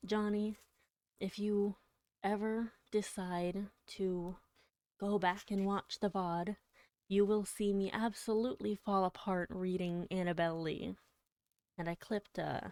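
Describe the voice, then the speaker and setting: A woman on a livestream, reading poetry aloud dramatically with drawn-out words and whispered passages, then chatting with her viewers. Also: mid-range voice, darkish tone, no echo.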